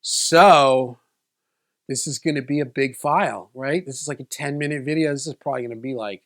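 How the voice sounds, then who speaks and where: A man's voice: medium pitch, normal speed, fairly bright tone. A man in a casual vlog, telling a personal story in a loose, rambling way with many restarts. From South Florida. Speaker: video creator.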